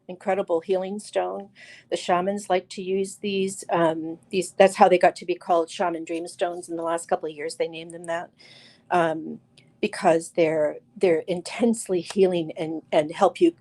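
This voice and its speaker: Her pitch sits fairly low and her tone is somewhat dark as she runs a live crystal sales show. She chats loosely, with many fillers and false starts, calling out viewers by name while holding up stones.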